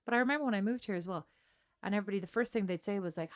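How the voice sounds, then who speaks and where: Fast-talking Irish woman chatting. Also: medium pitch. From Ireland. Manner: rambling, self-interrupting, laughs easily. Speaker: podcast co-host. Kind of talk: casual chat.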